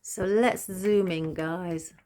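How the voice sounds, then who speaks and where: A woman florist talking through a vase arrangement in a casual tutorial, soft-spoken and apologetic, with frequent ums and trailing phrases. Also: lowish voice, slow pace, slight background noise.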